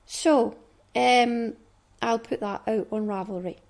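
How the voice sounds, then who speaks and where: A middle-aged woman with a Scottish accent hosts a knitting podcast, speaking slowly in a fairly high, gravelly and slightly mellow voice with fairly even intonation. Her talk is casual and rambling, with small asides under her breath.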